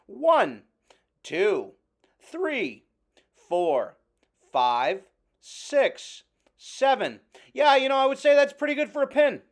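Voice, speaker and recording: A man's voice: extremely high pitch, monotone, fast, few pauses. A man playing a brash wrestler who calls himself the god of fire, delivering a blustering, indignant heel promo.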